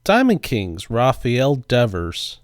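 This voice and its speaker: A middle-aged man giving a relaxed, chatty voice-over as he opens packs of baseball cards, often unsure how names are pronounced. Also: medium pitch, takes it slowly, no room sound, clean studio sound. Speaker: card-opening video host. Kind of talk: casual voice-over narration.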